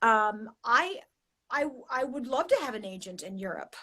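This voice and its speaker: American actress on a video call, chatty, lots of restarts, slightly high voice. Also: female voice, moderate pace. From United States. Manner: lively and chatty with many restarts. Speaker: actress and interview guest. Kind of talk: casual interview chat.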